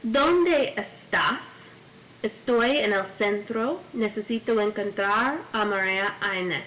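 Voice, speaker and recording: A woman's voice: medium pitch, a little slow, a bit bright, slight background noise, poor audio. A woman teaching a Spanish class, reading each phrase in Spanish and then in English, and adding memory tips. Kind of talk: classroom vocabulary lesson. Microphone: corded mic.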